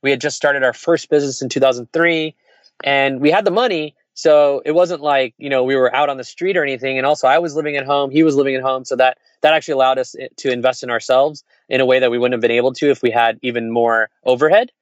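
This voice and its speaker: Fast-talking man telling candid stories. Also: mid-range voice, no room sound, muffled recording. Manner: candid, fast, with restarts and quoted dialogue. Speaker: entrepreneur guest. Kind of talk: casual conversational storytelling.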